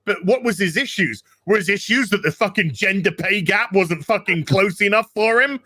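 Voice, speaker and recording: Podcast guest: sharp, high-voiced man, sweary and ranting, dry close mic. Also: moderate pace, dry recording. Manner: profane, ranting. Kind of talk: casual podcast chat.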